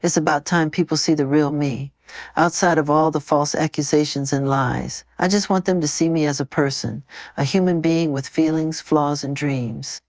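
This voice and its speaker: A gentle, tender grown man, a famous singer comforting a tearful fan, as a low synthetic woman's voice puts him on. His words come soft and soothing in a very deep register, close and dry with no room around them. It is AI chat role-play. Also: steady tone, normal speed, no room sound. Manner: soft, soothing, affectionate speech. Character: gentle, tender adult male pop star comforting a fan.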